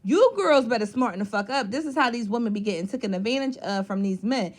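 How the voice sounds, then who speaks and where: A woman's voice: on the high side, expressive, fast. Woman recap host; blunt, cussing, exasperated. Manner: blunt, profane, exasperated ranting. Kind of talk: casual recap commentary.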